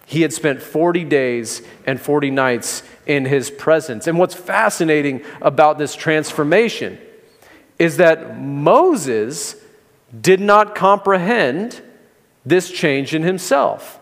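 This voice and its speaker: A man preaching a sermon as pastor, in a conversational way with gentle humor. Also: on the high side, lively intonation, a little slow, in a large hall. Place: church sanctuary.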